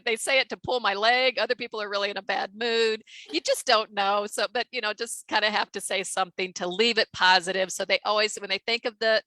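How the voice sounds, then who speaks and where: A woman's voice: on the high side, sharp tone, no room sound, low-quality recording. A woman guest telling a story in casual chat, full of fillers and acted-out quotes. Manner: chatty, many fillers, acts out quotes.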